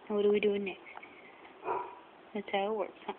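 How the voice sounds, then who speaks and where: A woman's voice: medium pitch, completely flat delivery, moderate pace. A woman soothing her baby in cooing baby talk, recorded at home on a phone. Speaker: mother talking to her baby. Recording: tinny phone recording with noise.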